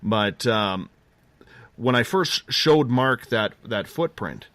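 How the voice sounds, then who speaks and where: A middle-aged man, a guest on a radio interview, telling a field story excitedly, jumping ahead and restarting his sentences. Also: medium pitch, slow, no echo.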